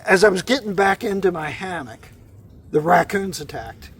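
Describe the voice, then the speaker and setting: A middle-aged man telling camping stories in a casual, animated way, laughing often and restarting sentences. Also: high voice, normal speed. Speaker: podcast guest, bicycle tourer. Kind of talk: casual storytelling.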